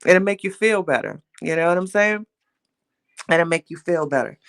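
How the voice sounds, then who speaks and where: An older woman with a lowish voice hosts a casual motivational livestream at normal speed, speaking straight to her viewers. She's chatty and playful, teasing and poking fun at herself, and laughs often.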